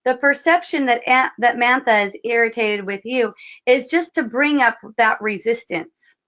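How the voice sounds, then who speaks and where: A woman spiritual teacher speaking in an online dialogue session, gentle and reflective, often repeating phrases as she gives advice. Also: fairly high pitch, moderate pace. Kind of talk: online wisdom dialogue, advising. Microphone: online session audio. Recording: muffled lo-fi audio.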